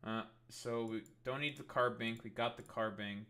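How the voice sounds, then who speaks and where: A man's voice: medium pitch, fairly even intonation, moderate pace, bright, forceful tone. A young man streaming, chatting casually in a rambling, sarcastic way with lots of swearing. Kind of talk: casual live-stream commentary.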